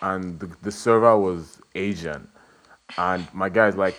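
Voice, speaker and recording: A man's voice: fairly low pitch, huge pitch swings, a little slow. A man co-hosting a casual podcast chat, teasing his friends and telling stories through laughter. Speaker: podcast co-host. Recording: loud background noise.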